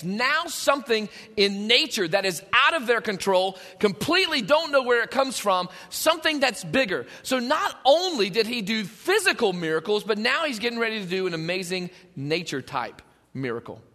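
A man preaching a sermon, telling the story in an animated way and acting out the scenes. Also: high-pitched, in a large hall. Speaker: pastor.

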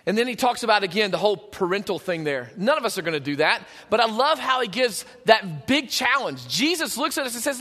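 High bright-voiced preacher in a reverberant hall. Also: male voice, lively intonation, fast, hardly any pauses. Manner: emphatic, building repeated phrases, swings from loud to hushed. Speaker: pastor. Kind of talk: sermon.

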